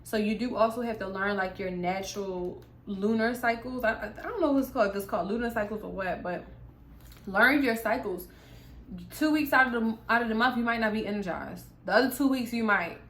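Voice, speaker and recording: Young woman vlogger, high-ish voice, candid and chatty, roomy echo. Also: fairly quick, a bit bright, slight background noise. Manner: candid, chatty, lots of fillers and asides. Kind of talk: casual chat. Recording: echoey room.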